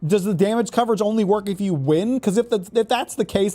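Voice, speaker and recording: A man's voice: high voice, a little fast, warm tone, soft background music. A man giving casual gameplay commentary, exasperated and profane, stammering and repeating words as he reacts. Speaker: gaming YouTuber.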